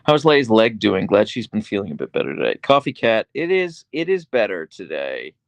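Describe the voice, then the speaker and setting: A man hosting a casual livestream from a small bedroom, reading chat aloud and cooing at his dog in a high baby-talk voice. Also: wildly swooping pitch, normal speed, vocal fry, no room sound, muffled recording.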